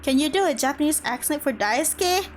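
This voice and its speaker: High-voiced playful woman streamer, casual game chat, light music behind. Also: expressive, fairly quick. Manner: giggly, playful, chatting with chat. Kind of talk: casual gaming commentary.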